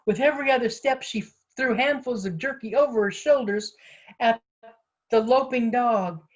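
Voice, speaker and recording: A woman author reading her own story aloud with expressive, lively storytelling. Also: on the high side. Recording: slightly muffled lo-fi audio.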